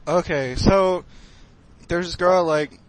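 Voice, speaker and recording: A young man co-hosting a casual podcast, retelling an embarrassing story with laughs and cursing, jumping to loud shouts. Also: high voice, slow, noisy background. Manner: excitable, laughs a lot, swears, rises to a shout when retelling. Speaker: podcast co-host.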